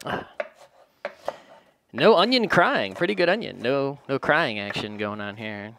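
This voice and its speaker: Man, mid-pitched, chatty home-kitchen cook, self-deprecating jokes, faint hiss behind. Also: very animated, measured pace, bright, forceful tone. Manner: joking, rambling, self-deprecating. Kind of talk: casual cooking narration.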